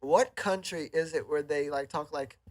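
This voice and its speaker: Playful, slightly high-voiced male podcast host. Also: normal speed, no echo. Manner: playful, asks lots of questions. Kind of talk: casual chat.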